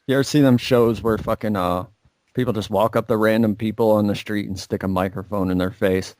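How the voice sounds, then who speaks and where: A man's voice: on the low side, steady tone, fairly quick, a little mellow, dry recording. A man co-hosting a casual podcast from a garage, rambling and swearing constantly. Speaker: podcast co-host. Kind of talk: profane casual chat. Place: home garage.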